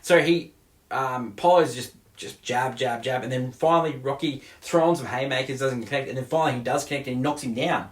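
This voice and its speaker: A man's voice: mid-range voice, a little fast. A man co-hosting a casual movie review. He retells scenes animatedly, with many restarts. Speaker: co-host of a movie review show. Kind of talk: casual film discussion. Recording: echoey room.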